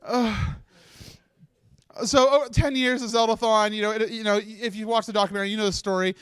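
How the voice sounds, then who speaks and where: A man giving an emotional closing speech at a livestreamed charity marathon. He talks haltingly, restarts his sentences often and laughs through tears. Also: high voice, steady tone, a bit bright, clean tone, no room sound. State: tearful.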